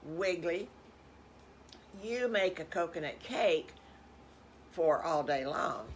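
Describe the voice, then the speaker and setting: A woman's voice: on the low side, expressive, slow pace, a little hiss or hum. An older woman doing a kindly farmer. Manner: gently instructive. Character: kindly grown-up farmer, man, full of ideas.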